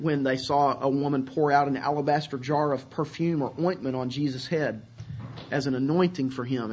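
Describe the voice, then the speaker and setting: Earnest husky-voiced male preacher. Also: on the high side, dull audio. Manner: earnest, repeats words while searching for phrasing. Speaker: pastor. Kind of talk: sermon.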